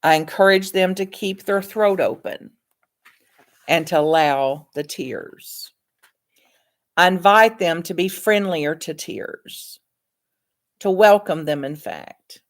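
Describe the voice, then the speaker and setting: A woman, an author and counselor, reading aloud from her own book in a calm, measured, earnest way. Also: on the low side.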